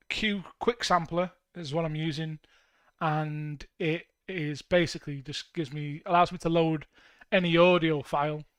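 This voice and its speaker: A man's voice: fairly high pitch, fairly bright tone, no echo. A young man in a home music studio, chatting casually to his stream while building a track, rambling with jokey asides. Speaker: band member streaming music production. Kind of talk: casual livestream chat while producing.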